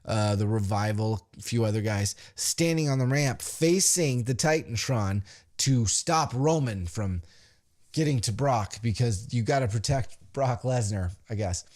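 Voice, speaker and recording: A man hosting a podcast, recapping a wrestling show with animated, profane storytelling and acted-out quotes. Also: mid-range voice, unhurried. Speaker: podcast host.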